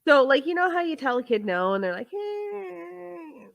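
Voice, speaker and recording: Relaxed Canadian woman host. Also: high voice, quick pace, no echo. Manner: relaxed, agreeable, backchannels often. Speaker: podcast host. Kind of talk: casual chat.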